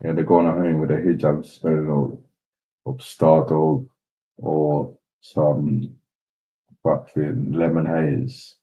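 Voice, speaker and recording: A man's voice: rumbling low, level tone, slow pace, muffled recording. A man chatting casually as host while reacting to videos, laughing and swearing along. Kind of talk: casual commentary.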